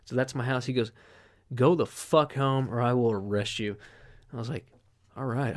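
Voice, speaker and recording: Rambling, profane podcast host. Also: male voice, mid-range voice. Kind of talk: casual podcast chat.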